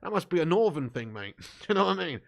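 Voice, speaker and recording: On the high side and very animated, this young southern English fan channel host talks fast with vocal fry and a fairly bright tone. During his live football watch-along he trades banter with chat, laughs a lot, swears and calls everyone mate.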